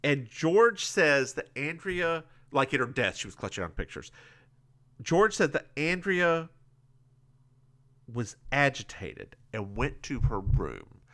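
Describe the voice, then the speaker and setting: Podcast co-host, male, animated recap voice with lots of swing in pitch, stumbles and repeats himself. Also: takes it slowly, dry recording. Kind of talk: casual chat recapping a TV episode.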